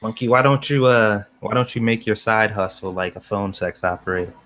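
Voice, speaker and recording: Low-voiced man teasing his co-hosts. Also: a bit bright. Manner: teasing, chiming in with quick jokes. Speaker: podcast co-host. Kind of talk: casual live stream chat.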